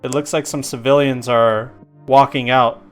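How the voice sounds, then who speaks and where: A man narrating a tabletop role-playing game as game master, animated and laughing often. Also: medium pitch, normal speed, soft background music.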